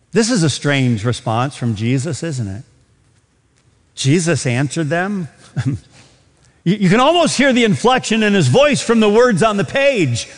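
A man delivers a sermon in a high, animated voice that swoops up and down. He takes his time and stresses words, sometimes repeating himself as he builds to a question. His voice carries a long reverb, as from a large hall. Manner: emphatic preaching with repetitions and rhetorical questions. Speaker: pastor.

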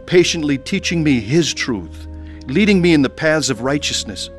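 A man's voice: on the high side, lively intonation, moderate pace, faint music behind. A man earnestly narrating and acting out his own conversion story, pleading with his family. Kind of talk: dramatized testimony narration.

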